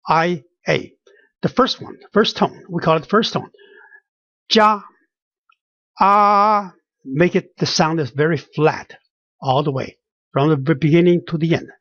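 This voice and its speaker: Slow pronunciation teacher, repeats sounds patiently, dull lo-fi dry recording. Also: medium pitch, breathy edge, no echo. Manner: repeats each sound slowly, many restarts. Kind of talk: pronunciation lesson with spoken examples.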